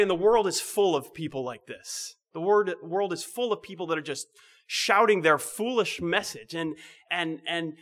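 A man preaching a sermon in a conversational way, asking rhetorical questions and dropping to a soft, quiet voice on key points. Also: fairly high pitch.

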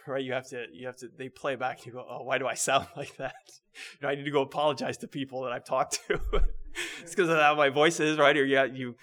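A man preaching a sermon in a conversational way, asking rhetorical questions and dropping to a soft, quiet voice on key points. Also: mid-range voice.

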